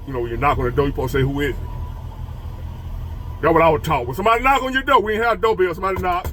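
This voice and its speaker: A man's voice: a little high, very fast, pushed and bright, slight background noise. A man telling a childhood story and turning it into preachy life advice for men, repeating phrases for emphasis. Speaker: motivational storyteller.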